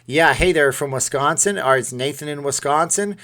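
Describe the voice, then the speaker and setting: A man's voice: fairly high pitch, a little fast, pushed and bright. A man hosting a casual live stream from home, rambling and joking with viewers while talking into a desk microphone in front of a webcam. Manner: chatty, jokey, rambling asides to viewers.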